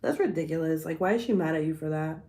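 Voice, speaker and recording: A woman, telling stories in a profane, animated way with frequent laughs during a casual livestream chat. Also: deep voice, quick pace, reverberant. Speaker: livestream host.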